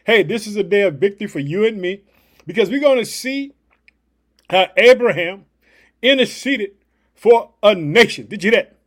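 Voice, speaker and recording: A man's voice: sits high, expressive, moderate pace, long pauses. A man preaching a devotional podcast sermon, fired up and emphatic, leaning on repeated catchphrases.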